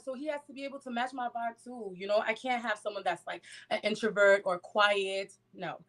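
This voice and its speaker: A woman's voice: a little high, a bit bright. A woman answering questions as a guest on a dating show, chatty with many fillers. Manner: chatty, filler-heavy, assertive. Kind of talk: casual interview answers.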